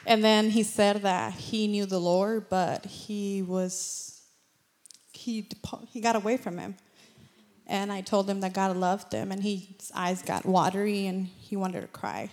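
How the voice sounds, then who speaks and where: A woman telling a personal testimony to a church in earnest, excited storytelling with frequent laughs. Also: mid-range voice, measured pace. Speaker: congregation member giving testimony.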